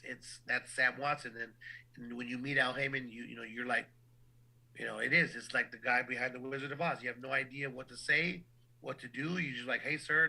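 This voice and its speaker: Bright-voiced man, ring announcer. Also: mid-range voice, gravelly, poor audio. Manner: animated, repeats words when starting sentences. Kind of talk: casual interview storytelling.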